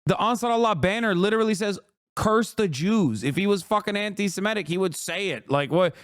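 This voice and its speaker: A man's voice: sits high, fast, fairly bright tone, clear, resonant tone, no room sound, studio quality. A male streamer ranting in live commentary, profane and heated, with sarcastic mockery.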